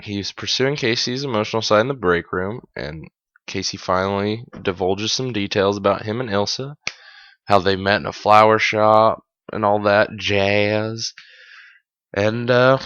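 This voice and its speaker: A man's voice: fairly low pitch, fairly bright tone, no room sound. A man hosting a podcast, chatting casually through an episode recap, amused and correcting himself as he goes. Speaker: podcast host. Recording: dull, dry lo-fi sound.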